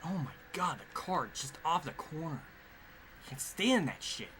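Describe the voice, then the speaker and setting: Male streamer, live racing gameplay, profane and exasperated, pitch jumps all over, room noise under the voice. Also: very animated, measured pace. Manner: frustrated, profane, swearing often at the game; mutters and laughs under his breath. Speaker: streamer playing a racing game.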